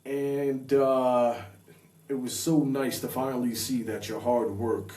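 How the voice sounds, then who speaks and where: Emphatic dad in a roomy space. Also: male voice, mid-range voice, little pitch movement, slow pace, mellow, far from the mic. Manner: emphatic, repeats himself. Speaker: co-host, father. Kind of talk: casual podcast chat.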